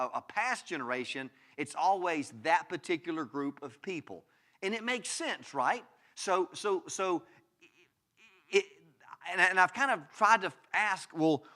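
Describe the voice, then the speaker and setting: Emphatic pastor with a bright voice. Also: male voice, a little high. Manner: emphatic, with frequent restarts and rhetorical questions. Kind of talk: sermon. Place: church.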